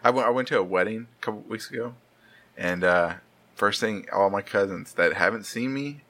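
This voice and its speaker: A man's voice: lowish voice, normal speed. A man in his thirties hosting a podcast, chatting casually, swearing often and laughing as he tells stories. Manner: swearing, laughing, animated storyteller. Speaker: podcast host. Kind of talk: casual chat.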